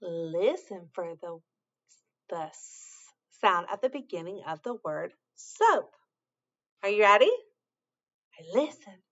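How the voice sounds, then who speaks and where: A woman's voice: mid-range voice, very animated, slow, long pauses, fairly bright tone, dull audio. A woman teaching a sound to young children in a patient, encouraging way, with sing-song praise and carefully spelled-out sounds.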